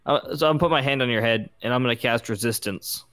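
A man's voice: medium pitch, fast talker, a bit bright, soft background music. A man playing a tabletop game, explaining his turn in an easygoing way and thinking aloud. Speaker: player. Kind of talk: casual tabletop play.

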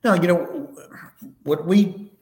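A man as a podcast guest, answering interview questions in a relaxed, anecdotal way with many fillers. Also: high voice, takes it slowly, reverberant. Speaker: podcast guest, foundation vice president.

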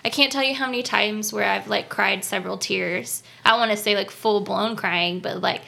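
A woman's voice: mid-range voice, fairly even intonation, moderate pace, vocal fry, sharp tone. A young woman chatting casually and candidly, telling emotional stories with lots of fillers. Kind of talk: casual chat.

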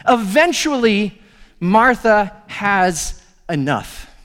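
A male pastor giving a sermon, telling the story with animated acted-out dialogue. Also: sits high, drawn-out words, in a large hall.

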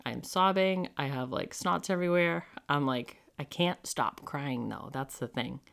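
A podcast host tells a personal story in a loose, conversational way, scattering "like" through every sentence. The telling is frank and animated, with some swearing, and the voice sits at a middling pitch. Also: moderate pace, creaky. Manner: chatty, heavy use of "like" fillers.

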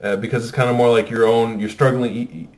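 A man's voice: mid-range voice, level tone, a little fast, a little mellow. A man co-hosting a casual chat about films, rambling with many fillers and restarts. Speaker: podcast co-host.

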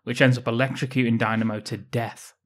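Guy on a movie podcast, dry deadpan jokes, swears a bit, mid-range voice. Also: medium pitch, a little fast. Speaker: podcast co-host. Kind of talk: casual film-review chat.

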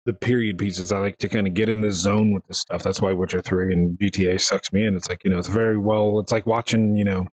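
A man hosting a casual gaming podcast, telling rambling, animated stories. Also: lowish voice, fast, hardly any pauses, no echo, low-quality recording. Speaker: podcast host.

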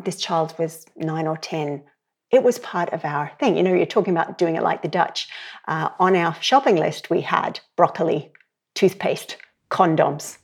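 A middle-aged woman with a lowish, husky voice, speaking as a parenting educator in a relaxed podcast interview. She tells her stories with energy and acts out the people she quotes. Her rasp stays light and never turns harsh. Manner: lively storyteller who acts out quoted voices.

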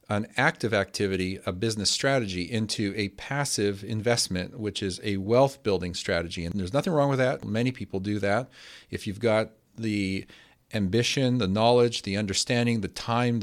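A man hosting a podcast, answering a listener's question in a measured, explanatory way. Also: lowish voice. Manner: explanatory, measured, steady teaching tone. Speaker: podcast host.

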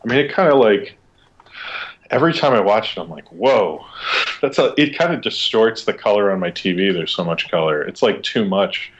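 A man's voice: fairly low pitch, fairly quick, lo-fi sound, a little hiss or hum. A young man chatting casually about movies, enthusiastic and rambling with lots of fillers. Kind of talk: casual chat.

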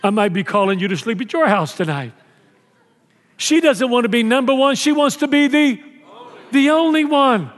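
An older man from Mexico preaching with a fairly high voice and lively delivery, acting out scenes as he goes. He sounds like he is in a large church hall with a long reverb tail. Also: normal speed. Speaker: pastor. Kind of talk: sermon.

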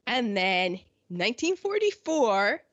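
A woman's voice: on the high side, big pitch swings, slow, a bit bright. An American woman hosting a casual history chat, sarcastic, often mocking people in quoted voices. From United States. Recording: dull lo-fi sound.

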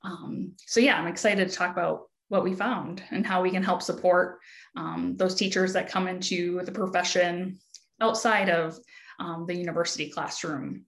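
A woman from Wisconsin with a Midwestern accent, a podcast guest explaining her research in a relaxed way with frequent ums. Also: lowish voice, normal speed. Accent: Midwestern American. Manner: easygoing, frequent ums and restarts. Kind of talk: casual interview talk.

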